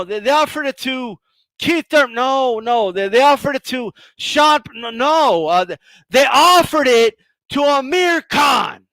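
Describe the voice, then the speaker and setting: A man hosting a live stream, ranting bluntly and sarcastically, swearing and rising to shouts. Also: very high-pitched, no echo. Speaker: boxing commentator and channel host.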